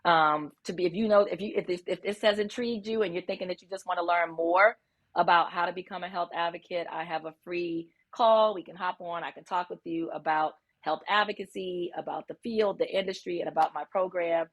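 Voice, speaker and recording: A woman's voice: lowish voice, steady tone, fairly quick. A woman doctor being interviewed, talking earnestly with frequent ums. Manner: warm, earnest, many ums. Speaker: guest, physician.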